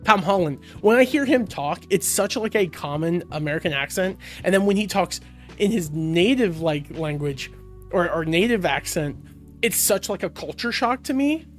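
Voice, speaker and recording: A man's voice: high voice, expressive, moderate pace, faint music behind. A man co-hosting a podcast, chatting casually and rambling with many fillers and restarts. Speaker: podcast co-host. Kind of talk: casual chat.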